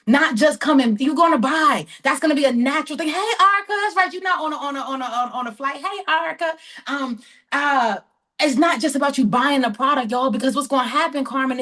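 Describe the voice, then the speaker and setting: A woman from New Jersey with a New Jersey accent, telling a lively sales story on a team training call, talking fast and acting out both sides of the conversation. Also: sits high. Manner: fast, excitable, acts out dialogue with others.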